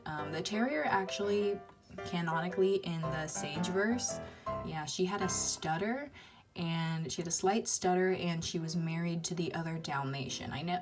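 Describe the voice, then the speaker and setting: Woman vlogger, low voice, casual and rambling, filler-heavy. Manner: rambling, lots of ums and uhs. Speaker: toy-figure video maker. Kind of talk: casual chat.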